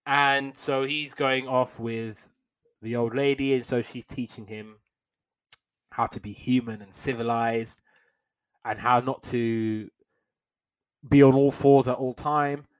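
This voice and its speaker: A young man with a middle-pitched voice retells a cartoon episode in a loose, conversational recap. He drops wry, slangy asides and slips briefly into quick put-on voices for the characters he quotes. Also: steady tone, clean tone, poor audio. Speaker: podcast host reviewing old cartoons.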